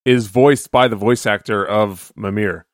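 A man's voice: fairly low pitch, fairly even intonation, unhurried, dry recording, clean studio sound. A man co-hosting a gaming podcast, laid-back and chuckling as he chats. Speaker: podcast co-host. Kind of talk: casual podcast banter.

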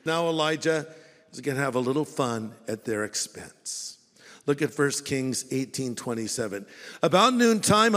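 A man preaching a sermon as pastor, animated and playfully mocking, acting out the voices he quotes. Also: a little high. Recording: long hall reverb.

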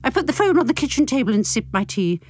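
A woman's voice: high-pitched, very animated, fast talker, faint music behind. A woman hosting a podcast who chats in a self-deprecating way and reads aloud from her own novel. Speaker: host, author reading her novel. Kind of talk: podcast chat and reading aloud.

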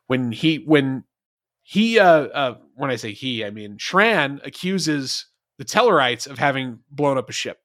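A man's voice: medium pitch, lively intonation, unhurried, a bit bright, no room sound, studio quality. Rambling man reviewing an episode. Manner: rambling, many fillers and restarts. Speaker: podcast co-host. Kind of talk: casual review chat.

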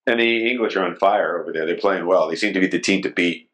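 Man, lowish voice, podcast host, rambling, jokey, casual chat. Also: fast, fairly bright tone, rough recording.

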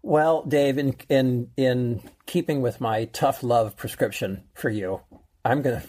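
A man's voice: medium pitch, a little slow, a little mellow. A man co-hosting a movie-advice podcast, chatty and rambling as he sums up a film. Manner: chatty, rambling, with fillers and laughs. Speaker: co-host.

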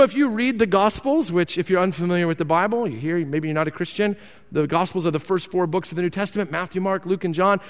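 A man preaching a sermon as pastor, earnest and emphatic, often repeating words. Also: high voice. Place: church sanctuary. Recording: long hall reverb.

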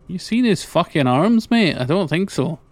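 A man's voice: high voice, lively intonation, moderate pace, dry recording. A man playing a tabletop game, joking and swearing as he plans the next move. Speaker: player.

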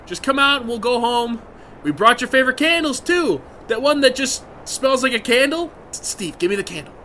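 A man voicing a high-strung young man who talks in an exasperated, excitable, snappy way in a comedy skit. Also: moderate pace, slight background noise, exaggerated voice. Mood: urgent.

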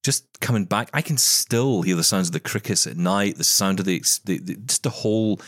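Very deep-voiced chatty man. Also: fairly quick, no room sound, clean studio sound. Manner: chatty, storytelling, jokey asides. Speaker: podcast co-host. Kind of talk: casual chat.

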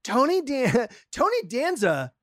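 A woman in casual chat, talking in an animated, profane way with frequent laughs. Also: high-pitched, a little slow, no echo, studio quality. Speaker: podcast co-host.

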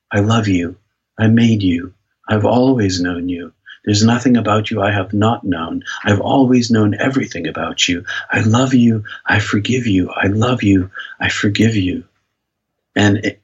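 Deep husky man, earnest storyteller. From United States. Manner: earnest, reflective, with frequent restarts. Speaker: pastor and guest. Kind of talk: personal storytelling in an interview. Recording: dull lo-fi sound.

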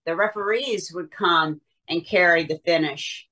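Older woman guest with a Southern drawl and a low voice, chatty storyteller. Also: unhurried. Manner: storytelling, gossipy, animated quoting. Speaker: interview guest, veteran wrestling personality. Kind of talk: casual interview chat.

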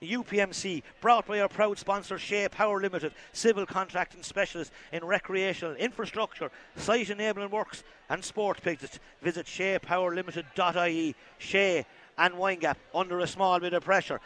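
An Irish man giving live play-by-play hurling commentary from an outdoor ground, calling the action excitedly and shouting at big moments. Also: sits high, moderate pace.

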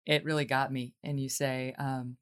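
A woman's voice: a bass voice, flat delivery, moderate pace, clear, resonant tone. A woman hosting an interview, asking her guests questions in an earnest, emotional way. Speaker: podcast host.

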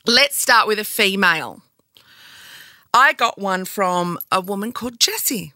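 A woman's voice: medium pitch, big pitch swings, moderate pace, pushed and bright, no room sound, clean studio sound. A woman with an Australian accent hosting a casual solo podcast, chatty and jokey, rambling with asides and laughs. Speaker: podcast host. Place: indoor studio.

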